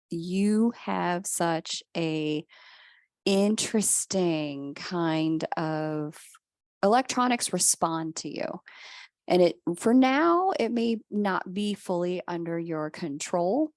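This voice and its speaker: A woman's voice: lowish voice, vocal fry, darkish tone, no room sound, clean studio sound. A woman giving a casual spiritual talk as an astrologer and reader, chatty, often laughing and acting out the people in her stories.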